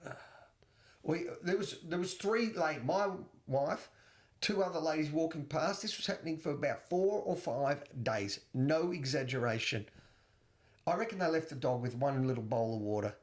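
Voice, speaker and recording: A man's voice: on the high side, lively intonation, normal speed. A man with an Australian accent co-hosting a podcast, talking bluntly and animatedly in casual chat and swearing freely. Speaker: podcast co-host.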